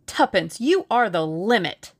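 A woman voicing a brash, eager young Englishman in an audiobook, speaking in forceful, bossy bursts. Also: mid-range voice, big pitch swings, a little slow. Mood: teasing. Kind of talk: audiobook character reading.

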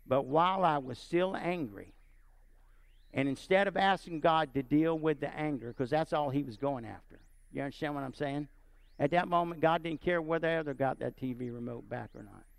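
A man preaching and telling a personal story, animated and often checking in with his listeners. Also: a little high, moderate pace, vocal fry, dry recording. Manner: animated, asks the audience often. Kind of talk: sermon storytelling.

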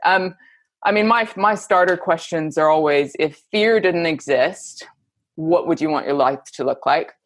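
A woman's voice: deep voice, measured pace, no room sound. A woman who works as a coach and therapist, speaking candidly and expressively as a podcast guest. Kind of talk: candid conversational interview.

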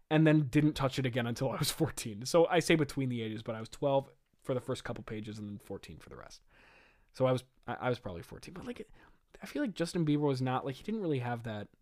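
A man in his twenties reading his own old play aloud, with exasperated, self-mocking commentary and frequent laughing. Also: mid-range voice.

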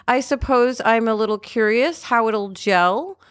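A woman guest on a podcast, talking in an animated, rambling way with lots of fillers and casual swearing. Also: on the high side, measured pace, no room sound, clean studio sound. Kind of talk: casual interview chat.

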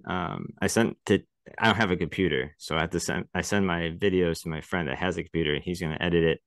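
A laid-back man with a very low voice tells stories in an easy drawl, chatting as a podcast co-host. His speech is unhurried and relaxed. The recording is close and dry, with no echo. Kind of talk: casual chat.

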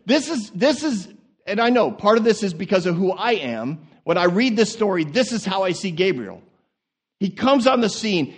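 A male pastor preaching in a church, animated and laughing, often repeating words as he goes. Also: sits high, moderate pace, slightly rough. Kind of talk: sermon. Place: church sanctuary.

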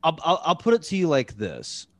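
Rambling, lively-voiced guy. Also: fairly high pitch, normal speed, no room sound. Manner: rambling, full of "like" and restarts, profane. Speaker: podcast host. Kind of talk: casual chat.

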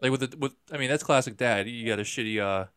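Halting young man, dry close sound. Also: fairly bright tone, clear, resonant tone, no echo. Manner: halting, restarts often, jumps up in pitch when making a point. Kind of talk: casual movie discussion.

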